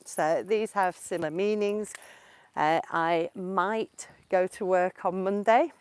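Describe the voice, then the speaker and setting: A woman's voice: fairly low pitch, fairly even intonation, darkish tone. A woman, answering viewer questions in a casual live-stream lesson while walking outdoors in the countryside. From England. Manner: slow, clear and explanatory, answering viewer questions. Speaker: English teacher. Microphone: portable mic while walking.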